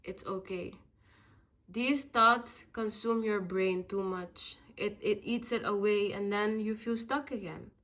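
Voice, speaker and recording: A woman's voice: medium pitch, fairly even intonation, a little slow, hardly any pauses, fairly bright tone. A young woman giving a casual motivational vlog talk, rambling, repeating herself and swearing freely. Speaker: vlogger.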